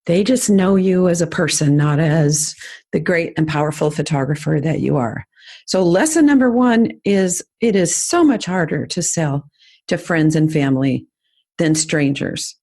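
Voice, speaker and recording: A middle-aged woman hosting a podcast, casually teaching sales lessons with enthusiastic coaching. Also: lowish voice. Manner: warm enthusiastic coaching, lively demonstrations.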